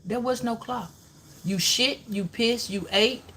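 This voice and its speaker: Bright-voiced woman, profane and preachy. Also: a little high, unhurried, slight background noise. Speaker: tarot reader. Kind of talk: live-stream tarot reading.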